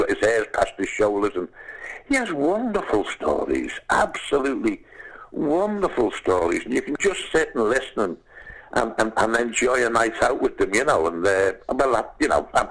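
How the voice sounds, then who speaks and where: An older man with a Liverpool accent, telling anecdotes as a podcast guest, animated and calling the listener "lad". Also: lowish voice, normal speed, poor audio. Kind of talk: casual storytelling.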